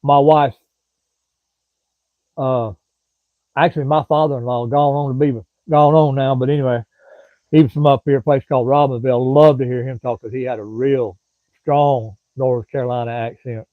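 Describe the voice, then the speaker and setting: A man's voice: medium pitch, steady tone, moderate pace, long pauses, no room sound. A middle-aged man from Florida with a Southern accent, rambling in casual live-stream chat and answering viewers by name. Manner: rambling, folksy, drawling, chats to commenters by name. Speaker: livestream host. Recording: dry, thin phone-like sound.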